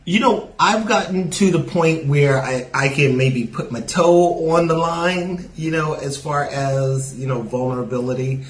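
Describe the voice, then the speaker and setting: A man's voice: fairly high pitch, measured pace, few pauses, echoey room, a little hiss or hum, poor audio. A man with a New York accent tinged with Southern sounds, a stand-up comic chatting as a podcast guest with many "you know" fillers. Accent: New York with a Southern lilt. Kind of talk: casual podcast interview.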